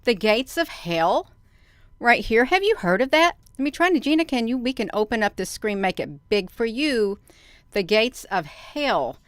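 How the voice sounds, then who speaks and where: A woman's voice: fairly high pitch, big pitch swings, normal speed, dry recording. Chatty woman hosting a livestream. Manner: chatty, rambling, addresses viewers as "you all". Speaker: livestream host. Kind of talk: casual livestream chat.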